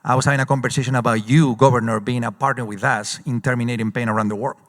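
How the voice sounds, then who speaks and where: A man speaks as an executive guest on a conference stage. He tells stories in lively, quick bursts full of "uh" fillers, at an everyday middle pitch. His voice rings with the long reverb of a big hall. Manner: animated storyteller, quick bursts with frequent uh fillers. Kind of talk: live on-stage conference interview.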